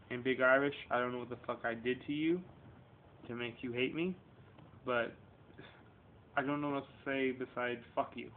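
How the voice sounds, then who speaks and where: A man in his thirties, talking straight to camera in a rambling, profane vlog that swings between confrontation and emotion. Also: mid-range voice. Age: 30s. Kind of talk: casual vlog rant. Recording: tinny lo-fi webcam audio with faint noise.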